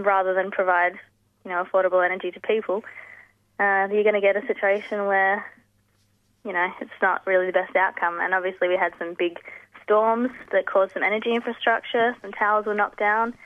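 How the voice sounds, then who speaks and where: An earnest woman explains her campaign over a tinny, dry phone line. Her voice is gravelly and low-set, with little rise and fall. She pauses and restarts often. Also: dry recording. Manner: earnest, halting with fillers and restarts. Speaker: campaign spokesperson. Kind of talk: phone interview on community radio. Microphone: telephone.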